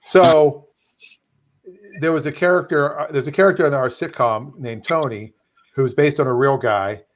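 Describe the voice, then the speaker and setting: A man's voice: fairly high pitch, normal speed. A man at an online movie night, cracking jokes and telling an anecdote. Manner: joking storyteller. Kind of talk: casual group chat.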